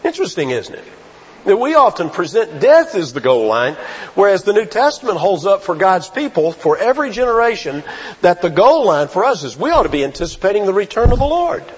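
A man preaching a sermon, asking rhetorical questions and stressing key phrases slowly. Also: sits high, big pitch swings, breathy edge. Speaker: pastor. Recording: dull lo-fi sound.

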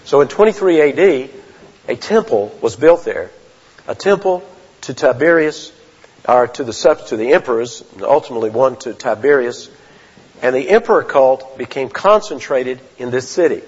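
A man preaching a sermon as a pastor, earnest and deliberate, often restarting his phrases. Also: mid-range voice, lively intonation, a little mellow, breathy edge. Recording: dull lo-fi sound with long hall reverb.

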